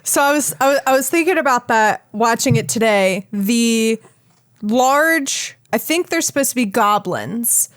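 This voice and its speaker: Chatty woman with a higher voice. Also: expressive, measured pace, no echo, studio quality. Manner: laughing, rambling, self-interrupting. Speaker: podcast co-host. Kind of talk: casual chat.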